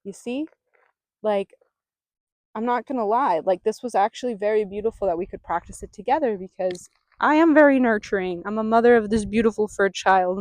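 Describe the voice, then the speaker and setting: A woman who hosts a spiritual vlog, speaking outdoors in a calm, soothing way with bursts of mock panic. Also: mid-range voice, dry recording, studio quality. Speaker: spiritual guide and channeler. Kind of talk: casual spiritual talk to camera.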